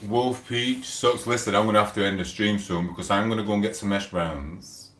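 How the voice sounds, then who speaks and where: A man's voice: lowish voice, steady tone, fast, fairly bright tone, distant mic. Rambling British man streaming in an echoey room. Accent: British English. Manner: rambling, talks to chat, mumbled fillers. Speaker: livestreamer. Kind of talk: casual live stream chat.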